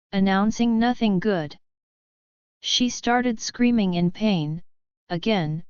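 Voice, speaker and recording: A woman narrating a fantasy audiobook in a steady, measured way. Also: mid-range voice, clean tone, no room sound, muffled recording.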